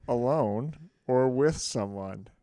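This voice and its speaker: A man's voice: mid-range voice, takes it slowly, mellow, dry recording, clean studio sound. A man from Canada co-hosting a comedy podcast, teasing his friend and laughing a lot in casual chat. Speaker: podcast co-host.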